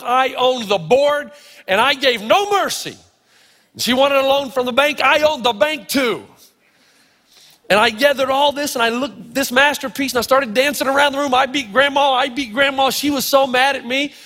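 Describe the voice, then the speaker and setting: A middle-aged man preaching a sermon, telling stories in short, punchy phrases with dramatic pauses. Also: very high-pitched, bright, forceful tone. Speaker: pastor. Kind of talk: sermon with storytelling. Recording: long hall reverb.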